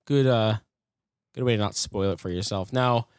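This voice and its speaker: Chill podcast dude who laughs a lot, dry close mic. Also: male voice, fairly low pitch, moderate pace, clean tone, no room sound. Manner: laid-back, laughs often. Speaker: podcast co-host. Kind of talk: casual chat.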